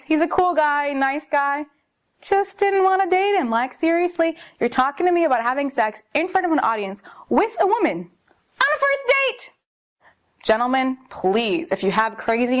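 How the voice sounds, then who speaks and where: A woman's voice: sits high, normal speed. A young woman vlogger telling a bad first date story in a casual, exasperated way, full of "like" and "seriously.". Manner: exasperated, animated storyteller who repeats "like" and "seriously".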